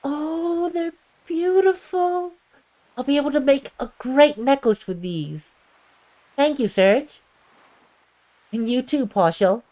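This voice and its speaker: A woman voicing a gentle, wistful teenage girl in a video game, reading in a soft, reflective way. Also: sits high, slow pace, long pauses. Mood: sweet. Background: faint game music.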